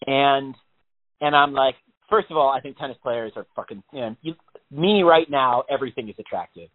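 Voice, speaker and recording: This man's voice is medium in pitch and moves at a normal speed. He's an animated storyteller in a casual podcast chat, full of swearing and acted-out panicked voices, captured on phone-like narrow-band audio.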